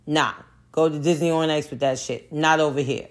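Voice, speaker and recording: A woman's voice: deep voice, fairly quick. A woman, talking straight to camera in a blunt, profane, emphatic rant. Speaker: commentator. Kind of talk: casual monologue rant.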